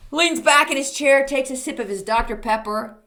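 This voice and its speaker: A woman's voice: sits high, normal speed, pushed and bright. A woman in her fifties, a podcast host, telling a comedic story in a snarky, exasperated way.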